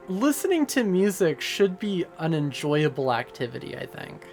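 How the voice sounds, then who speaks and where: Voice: medium pitch, sing-song, moderate pace, few pauses, a little mellow, soft background music. A streamer chatting casually with a live audience, goofy and rambling, with lots of fillers. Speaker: streamer answering chat. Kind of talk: casual livestream chat.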